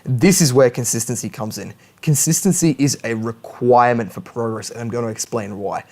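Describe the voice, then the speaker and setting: A man's voice: mid-range voice, brisk, darkish tone. A young man giving a casual spoken lesson on study habits, chatty and self-correcting, with joking asides. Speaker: language learning YouTuber. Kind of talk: casual educational monologue.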